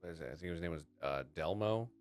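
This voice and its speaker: A man co-hosting a casual podcast chat, excitable and quick to jump in. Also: low-pitched, clean tone, soft background music. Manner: animated, excitable, jumps in often. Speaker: podcast co-host.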